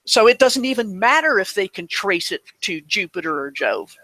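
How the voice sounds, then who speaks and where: Man on an online call, high bright voice, dry close sound, earnest explainer. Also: sing-song, moderate pace, no room sound, rough recording. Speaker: guest answering questions. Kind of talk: casual online talk.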